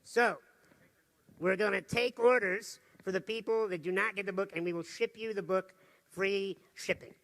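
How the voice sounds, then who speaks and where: A man giving an energetic, humorous motivational talk from a stage to a live audience. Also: high voice, moderate pace, vocal fry. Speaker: motivational speaker.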